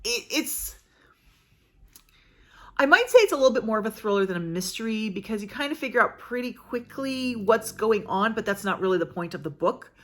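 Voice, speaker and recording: An American book vlogger with a fairly high, animated, fairly bright voice speaks at normal speed. She reviews books in casual, chatty talk, thinking aloud with lots of fillers and restarts.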